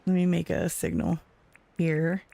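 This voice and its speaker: Speaking in a lowish, unhurried, creaky voice, a woman streamer animatedly recounts a story to her viewers while playing games, laughing frequently. The recording is dry.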